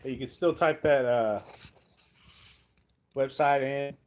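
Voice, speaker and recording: A man chats on his own live stream in a relaxed, folksy ramble. He takes his time over every phrase, in an average-pitched voice. His talk stays loose and conversational, as if thinking aloud. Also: slow pace. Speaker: livestream host. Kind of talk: casual live-stream chat.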